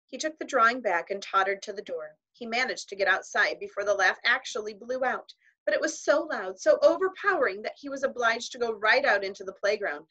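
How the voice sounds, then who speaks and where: A woman narrates a children's novel aloud in a measured storytelling manner, with voices for its characters. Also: on the high side, lively intonation, pushed and bright, low-quality recording. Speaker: audiobook reader.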